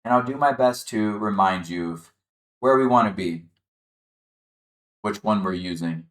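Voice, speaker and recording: A man leading a chair yoga class, calmly guiding the listener through breathing and gentle movement. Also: fairly low pitch, measured pace, roomy sound. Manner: calm, encouraging, guiding the breath step by step. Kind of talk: guided exercise instruction.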